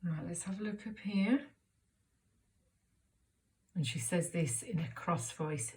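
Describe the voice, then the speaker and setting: Brief: primary teacher, woman, lowish voice, clear step-by-step encouragement. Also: slow, pauses often. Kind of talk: recorded reading lesson for children.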